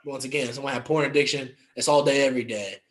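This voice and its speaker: A man's voice: medium pitch, fairly even intonation, fast talker. A young man from West Virginia co-hosting a podcast, chatting casually and jokingly, often trailing off into mumbles. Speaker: podcast co-host. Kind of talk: casual chat.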